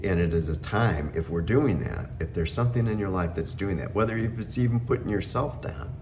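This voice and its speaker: A middle-aged man giving an earnest, unhurried spiritual talk, pausing often with fillers. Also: deep voice, expressive, darkish tone, a little hiss or hum.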